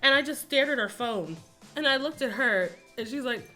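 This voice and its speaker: A woman's voice: high voice, lively intonation, moderate pace, bright, forceful tone, soft background music. A woman, chatting casually to her viewers in a rambling vlog, laughing often and calling everyone "y'all.". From Texas, US. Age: 20s. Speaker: YouTuber.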